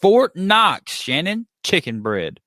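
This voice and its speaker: A man's voice: high-pitched, big pitch swings, slow, sharp tone, dry recording, studio quality. A man co-hosting a podcast over a video call, joking around while reading out trivia questions. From Kentucky. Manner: joking, reads questions aloud. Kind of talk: casual chat.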